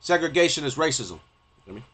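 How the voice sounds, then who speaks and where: A man's voice: a little high, very animated, rapid-fire, husky. Heated, foul-mouthed man ranting on stream. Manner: profane, rambling, repeats "you know what I mean"; grows loud and heated at times. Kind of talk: off-the-cuff rant while live-streaming.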